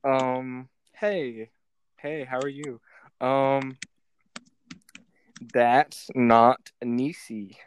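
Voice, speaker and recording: A young man hosting a late-night podcast, talking in a loose, giggly ramble at a middle pitch. He teases and laughs his way through reading out a guest's typed replies. Faint keyboard clicks tick along behind him. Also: fairly even intonation, very slow, pauses often, a little hiss or hum. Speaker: podcast host. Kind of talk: casual chat.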